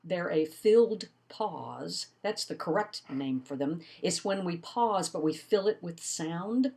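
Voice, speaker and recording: Woman, older, lower voice, expressive lecturer, recorded lesson. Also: slow pace, gravelly. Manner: expressive, demonstrative, lively emphasis. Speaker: college instructor.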